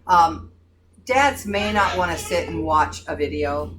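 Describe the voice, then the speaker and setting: An older woman telling family stories in a folksy, animated way, laughing at her own tales in a casual group chat. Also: low voice, a little slow, a crowd in the background. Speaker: staff member at a pregnancy center. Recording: distant mic with clear background noise.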